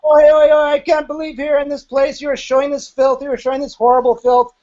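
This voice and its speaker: A man's voice: level tone, quick pace, warm tone, muffled recording, natural voice. A man imitating an older male spiritual teacher who shrilly scolds a room in accented speech. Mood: outraged. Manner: shrill screaming tirade with thick accented speech.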